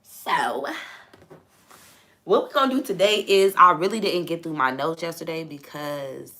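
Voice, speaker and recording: A young woman hosting a casual live chat with her viewers, animated and laughing often, her voice slightly hoarse. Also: sits low, unhurried. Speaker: live stream host and coach.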